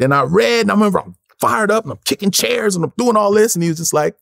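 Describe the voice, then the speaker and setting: A man's voice: on the high side, fast, creaky, hardly any pauses, no echo, studio quality. A man in his forties from Los Angeles, an interview guest telling stories and acting out the lines of the people in them. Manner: acts out quoted lines in lively voices, swears freely. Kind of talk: animated storytelling.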